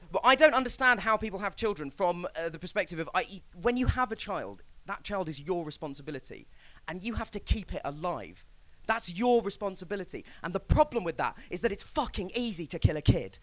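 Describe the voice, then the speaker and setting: A man's voice: high voice, lively intonation, fairly quick, few pauses, a bit bright. A man with a posh English accent doing a stand-up comedy routine, rambling and correcting himself. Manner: rambling, self-correcting, nervous-jokey asides.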